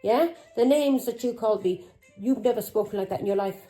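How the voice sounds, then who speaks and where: A middle-aged woman, running a tarot reading vlog. Her tone is mellow and dark, but her delivery is furious and accusing, full of swearing and taunting questions. Faint music plays behind her. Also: mid-range voice, a little fast, rough recording. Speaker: tarot reader.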